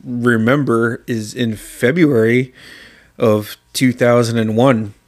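A man in his forties from southeast Alaska, co-hosting a podcast and telling stories in casual chat, swearing freely, acting out quotes loudly and laughing often. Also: mid-range voice, steady tone, slow pace. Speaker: podcast co-host.

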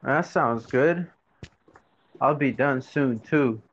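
A man chatting casually with a friend, laid-back and heavy on fillers. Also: mid-range voice. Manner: laid-back, drawn-out speech with many fillers. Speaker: friend on a call. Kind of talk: casual chat. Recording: dull lo-fi sound with faint noise.

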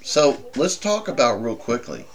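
A man hosting a casual talk show who calmly steers the conversation. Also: medium pitch, a little slow. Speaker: host.

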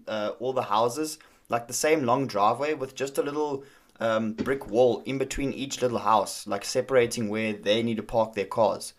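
A young man talks in an easy, conversational way, telling a story and circling back with fillers and restarts. His voice sits at an ordinary middle pitch for a man. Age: young adult. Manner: storytelling, acts out quoted dialogue, frequent fillers and restarts. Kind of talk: casual conversation.

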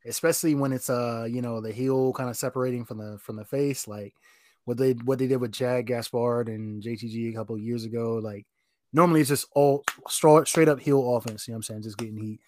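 A man co-hosting a podcast, talking in a loose, rambling way full of fillers. His voice sits at an ordinary pitch and sounds dry and close to the mic, with no room around it. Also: brisk, no echo. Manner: rambling, filler-heavy, animated opinions. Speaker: podcast co-host. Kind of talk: casual chat.

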